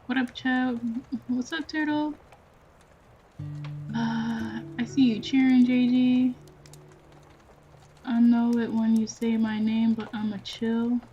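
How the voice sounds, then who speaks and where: A woman's voice: on the high side, fairly even intonation, slow pace, pauses often, warm tone. Chatty young woman streaming with music behind. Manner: chatty, laughing, reads chat aloud. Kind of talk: casual live-stream chat. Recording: dull lo-fi stream audio with faint music.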